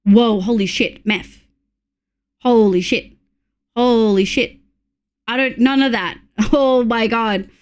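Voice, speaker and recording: High-pitched, unhurried Australian streamer woman. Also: clean tone. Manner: excitable, swearing, laughing, thanking viewers. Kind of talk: casual live-stream chat.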